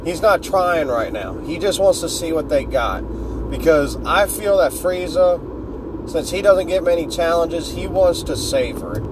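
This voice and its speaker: A man's voice: fairly high pitch, lively intonation, measured pace, background noise. A man casually retelling a fan story, joking and swearing freely as he goes. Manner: laid-back, joking, swears freely, loses his words.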